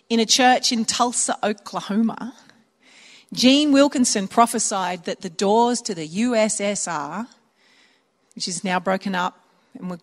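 An older woman pastor preaching a sermon in a church auditorium, conversational, with chuckling asides. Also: mid-range voice. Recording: long hall reverb.

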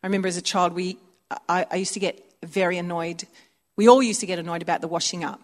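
A woman's voice: fairly low pitch, fairly even intonation, fast talker. A woman preaching a conversational sermon, telling stories and acting out little voices. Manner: chatty, storytelling, acts out voices.

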